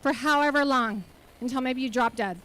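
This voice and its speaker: A woman with a high-pitched voice delivers a motivational keynote into a stage microphone. She talks earnestly and keeps firing rhetorical questions at the audience. Her tone is that of a nonprofit leader urging listeners to commit. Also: moderate pace, a bit bright, low-quality recording. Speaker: keynote speaker and nonprofit CEO. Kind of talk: motivational conference talk. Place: conference hall stage.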